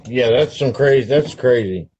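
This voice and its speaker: A man's voice: medium pitch, normal speed, darkish tone, highs cut off, slight background noise. A man co-hosting a podcast, reacting briefly and asking hesitant questions. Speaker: podcast co-host. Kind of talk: casual podcast chat.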